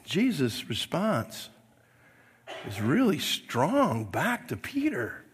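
A middle-aged man, a pastor, preaching a sermon to his congregation in a chatty, joking way, with a hoarse, coughing throat. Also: a little high, huge pitch swings, takes it slowly. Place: church sanctuary. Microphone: mic at the pulpit, then a handheld mic. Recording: long hall reverb.

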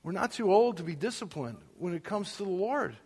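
Middle-aged man, slightly high voice, preaching with lively storytelling and loud acted quotes, long hall reverb. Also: a little fast, slightly rough. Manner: animated, acts out quotes loudly, self-mocking humor. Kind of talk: storytelling sermon.

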